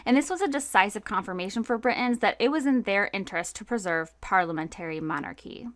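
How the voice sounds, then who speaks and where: A woman's voice: mid-range voice, lively intonation, fast, dry recording. Woman casually telling history, dry sound. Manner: casual, reads notes then riffs with fillers. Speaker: podcast co-host. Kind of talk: conversational history podcast narration.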